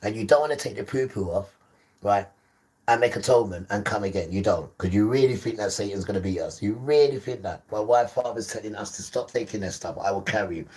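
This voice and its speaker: A man with a low voice hosts a live stream and exhorts his listener like a preacher. He repeats himself, coaxing and pressing, and keeps calling the listener son. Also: fast talker, darkish tone.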